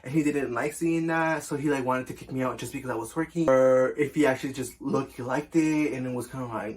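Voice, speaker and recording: A man's voice: mid-range voice, steady tone, normal speed. A young man telling a casual storytime as a vlogger, chatty and full of fillers, swearing often.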